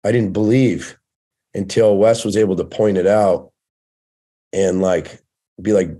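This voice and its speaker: Measured and warm, this podcast guest's low voice stays fairly even in intonation and pauses often as he openly recounts his story. The man, in his thirties and a former firefighter now coaching, swears freely in the casual conversation.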